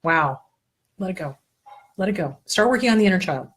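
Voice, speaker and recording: A woman with a husky, slightly breathy voice talks straight to her listeners as a therapist hosting her own show. She coaches them patiently through exercises, then drops in swear words and earthy asides. The delivery is plain and unpolished. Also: fairly low pitch, brisk. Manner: blunt, earthy and profane, with lively asides. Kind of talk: casual self-help advice talk.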